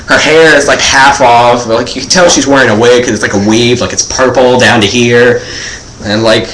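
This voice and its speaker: Teen guy comic, rambling, "like"-heavy delivery, middle pitch, echoey room. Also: steady tone, normal speed, fairly bright tone, slight background noise. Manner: rambling, filler-heavy, says "like" constantly. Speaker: comedian. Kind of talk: comedic monologue.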